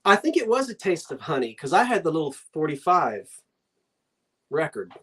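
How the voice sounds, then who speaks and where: A woman's voice: low-pitched, very animated, normal speed, husky. An older woman with a New Jersey accent, hosting a live online antiques sale in a chatty, rambling way, talking to herself and her viewers as she goes.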